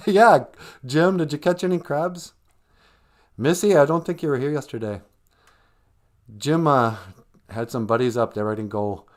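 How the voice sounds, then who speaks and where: A man's voice: medium pitch, animated, unhurried, pauses often. A man hosting a livestream, joking and teasing in an ironic, chuckling way. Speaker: host of a language livestream.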